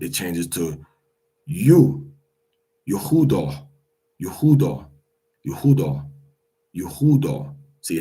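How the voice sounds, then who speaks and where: A man's voice: deep voice, a little mellow, slightly rough, poor audio. A man teaching Hebrew pronunciation in a casual spoken lesson, repeating each word aloud several times. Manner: slow and repetitive, drilling each word aloud with fillers.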